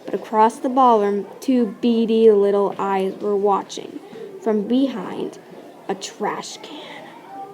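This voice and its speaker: A woman reading a children's story aloud with expressive, playful narration and sound effects. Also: mid-range voice, a little slow, slight background noise. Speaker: storybook reader.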